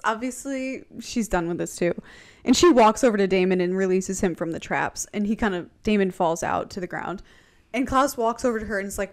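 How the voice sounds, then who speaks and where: A woman's voice: medium pitch, animated, normal speed. A woman co-hosting a podcast, casually recapping a TV episode and retelling the scenes with quoted lines and frequent laughter. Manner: retells scenes quoting characters, laughs often.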